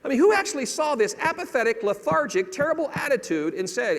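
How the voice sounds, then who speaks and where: A man's voice: very high voice, fast, few pauses. A man giving a comedic storytelling keynote to an audience, acting out the voices of people in his stories. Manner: animated, acts out quoted voices. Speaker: keynote speaker. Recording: long hall reverb.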